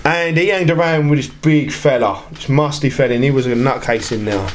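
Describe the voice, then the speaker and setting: A man's voice: mid-range voice, fairly quick, slight background noise. A man telling rambling stories in a casual podcast chat, acting out other people's lines as he goes. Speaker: podcast guest.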